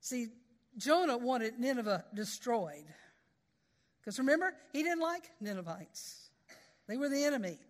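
A woman's voice: a little high, expressive, measured pace, in a large hall. A woman preaching a sermon in a folksy, conversational way, with storytelling asides.

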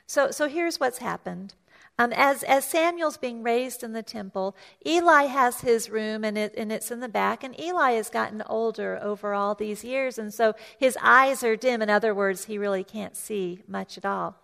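A woman's voice: normal speed, vocal fry, fairly bright tone. A woman pastor preaching a sermon, retelling a scripture story in a conversational way, often restarting and repeating words and lifting her voice to act out the characters. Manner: storytelling, acts out voices of the story with raised pitch.

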